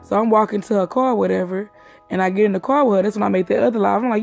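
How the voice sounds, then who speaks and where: A woman's voice: mid-range voice, fairly even intonation, vocal fry, darkish tone, soft background music. A woman casually recounting events from a night out, swearing freely and acting out what others said. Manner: profane, talks fast and acts out the quotes. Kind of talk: casual storytelling.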